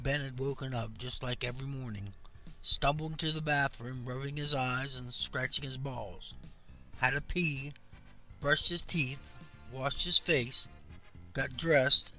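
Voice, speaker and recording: A man reading a short horror story aloud with dramatic delivery. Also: mid-range voice. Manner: dramatic, loud bursts for the girl's lines. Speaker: story narrator.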